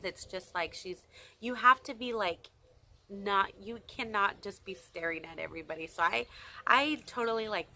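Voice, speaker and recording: A young vlogger chats to her camera in a casual storytime, telling it animatedly and breaking into excited squeals. Her medium-pitched voice is bright and forward, with a faint hiss under the recording.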